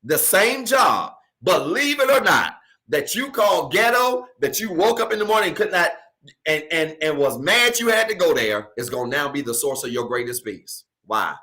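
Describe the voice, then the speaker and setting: A preacher with a bright, fairly high voice delivers a Sunday sermon. He keeps putting questions to his listeners and repeats lines again and again, climbing into hollers before dropping back down. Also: very animated, normal speed. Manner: preaching with call-and-response questions, building to shouts. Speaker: pastor. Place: church stage.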